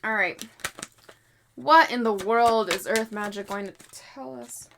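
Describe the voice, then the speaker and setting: A young woman with a fairly high voice chats casually to her viewers while laying out tarot cards. She talks in an animated, unfiltered way, swearing freely and apologizing often. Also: slow, vocal fry, slight background noise. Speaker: tarot reader predicting basketball games. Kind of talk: casual chat to camera.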